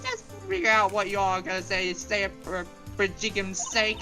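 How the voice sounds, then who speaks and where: A woman voicing a brash young Southern woman photographer, pushing a Southern drawl with a loud, pushy manner. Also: mid-range voice, big pitch swings, over music, voice pushed up, lightly acted. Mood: snappy. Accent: attempted Southern drawl. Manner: loud, pushy, quick to bristle.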